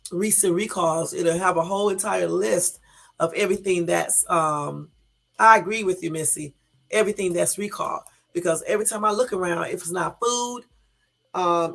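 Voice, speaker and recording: Gravelly woman chatting on a live stream. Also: lowish voice. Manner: emphatic, talks straight to viewers, exasperated asides. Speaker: YouTube live-stream host. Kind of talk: casual live-stream chat reading out news. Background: faint background music.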